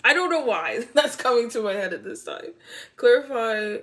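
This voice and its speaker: A woman's voice: on the high side, big pitch swings, normal speed, fairly bright tone. A woman giving a casual tarot reading to camera, playful and blunt, swearing freely and laughing often. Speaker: tarot reader.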